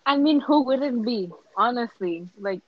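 A woman's voice: fairly high pitch, lively intonation, takes it slowly, dry recording. A young woman chatting casually with a friend, hedging a lot and filling her talk with "like". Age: young adult. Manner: chatty, hedging, lots of fillers. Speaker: friend asking questions. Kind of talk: casual chat. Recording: muffled lo-fi audio.

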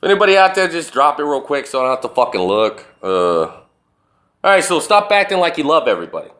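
A man ranting alone in a profane, animated way, firing off rhetorical questions as a show host. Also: on the high side, fast talker. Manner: burping. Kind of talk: profane solo rant.

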